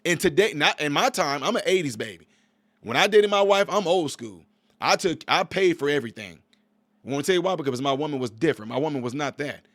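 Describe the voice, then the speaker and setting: A man's voice: a little high, animated, fast, a bit bright, no echo, studio quality. A man in his forties giving opinionated reaction commentary on a video clip, emphatic and preachy, repeating himself.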